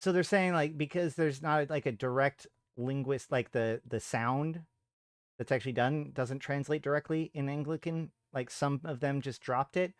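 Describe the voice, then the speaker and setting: A man's voice: mid-range voice, steady tone, normal speed, clear, resonant tone, no echo, studio quality. A man hosting a live stream, thinking aloud in a casual chat with frequent trailing off and restarts. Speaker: streamer host.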